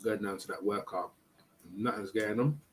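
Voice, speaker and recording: A man's voice: lowish voice, fairly even intonation, normal speed, slight background noise. Slangy man on a live stream. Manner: chatty, slangy, eats while talking. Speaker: boxing channel host. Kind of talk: casual live-stream commentary.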